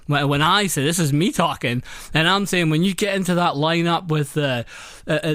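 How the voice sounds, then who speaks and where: A man's voice: a little high, a bit bright, smooth, no echo, studio quality. A man hosting a podcast, telling a story in a casual, exasperated way and repeating phrases as he recounts each step. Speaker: podcast host.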